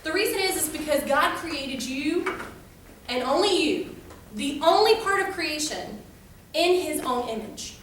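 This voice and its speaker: A young woman speaks to a youth group in a casual devotional talk, rambling through stories with plenty of fillers. Her voice is high and bright. She is picked up from far off in a strongly echoing room. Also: lively intonation, a little slow, a little hiss or hum. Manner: chatty, filler-heavy storytelling.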